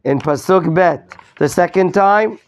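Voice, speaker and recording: A man's voice: sits high, unhurried. A male rabbi teaching a Torah class, quizzing his students, repeating his questions and mixing in Hebrew terms. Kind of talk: interactive Torah lesson.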